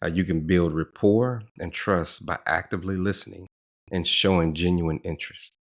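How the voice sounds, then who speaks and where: A man co-hosting a podcast, explaining ideas in a measured, reflective way in casual talk. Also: low voice, fairly even intonation. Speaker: podcast co-host.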